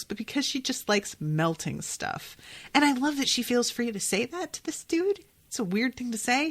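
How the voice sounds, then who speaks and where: A woman hosting a podcast, giving chatty, excitable reactions to a comedy episode and swearing freely. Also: lowish voice. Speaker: podcast host. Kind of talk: casual episode reaction commentary.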